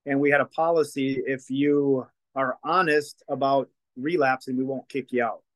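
Man telling a lively story. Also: mid-range voice, normal speed, no echo, poor audio. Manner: lively storyteller who acts out quoted dialogue. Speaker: guest, deliverance minister and former counselor. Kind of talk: storytelling testimony in casual conversation.

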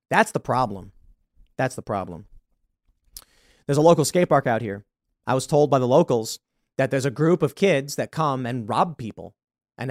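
A man's voice: medium pitch, darkish tone, no room sound, clean studio sound. A man hosting a political commentary show, reading news stories aloud and reacting bluntly with his opinions. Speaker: show host.

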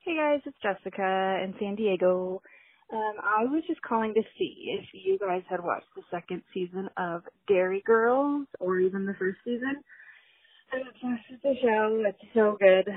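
A woman's voice: medium pitch, husky, no echo, narrow, tinny audio. A woman leaving an enthusiastic, bubbly voicemail for a podcast as a caller. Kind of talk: voicemail message.

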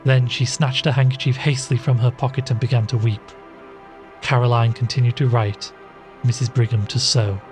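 A man narrating a classic ghost story in a measured storytelling manner. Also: mid-range voice, fairly even intonation, soft background music.

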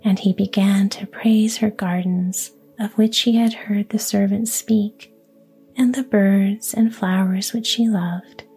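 A woman storyteller reads a fairy tale in a soft, even whisper. Her pace is very slow and her tone dark and mellow. The voice is airy and breathy throughout. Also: mid-range voice.

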